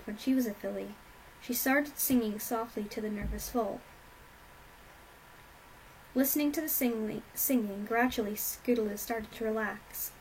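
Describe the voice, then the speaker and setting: A woman's voice: a little high, a little hiss or hum, low-quality recording. Woman reading a storybook aloud. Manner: steady, plain reading with small slips. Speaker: reader. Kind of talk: storybook narration of fan fiction.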